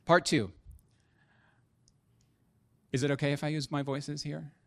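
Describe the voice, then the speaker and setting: Pastor, male, 30s, sermon delivery, lively and joking, slightly high voice. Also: a little slow, vocal fry. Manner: animated, joking, builds to emphatic punches.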